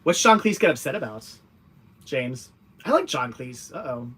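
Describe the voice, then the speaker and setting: A man's voice: medium pitch, very animated, moderate pace, a bit bright, breathy edge. A young adult man hosting a casual livestream, reading out viewer comments and answering in a rambling way with lots of fillers and restarts. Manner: rambling, many fillers and restarts, laughs easily.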